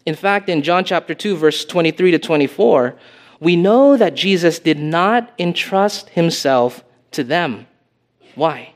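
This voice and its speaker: Brief: male pastor, earnest sermon delivery, higher voice, slow and deliberate. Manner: earnest, emphatic preaching with rhetorical questions.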